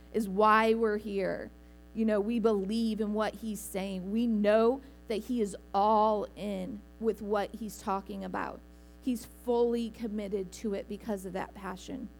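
A woman's voice: mid-range voice, fairly even intonation, a little slow, slight background noise. A woman preaching a Sunday sermon in a church, speaking earnestly and conversationally with small restarts. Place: church sanctuary.

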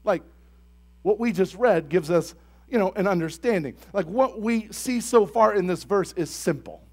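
A young man preaching a sermon as pastor, talking to the congregation and asking them questions, then building to loud, emphatic bursts. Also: sits high, moderate pace. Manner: conversational, asks the congregation questions.

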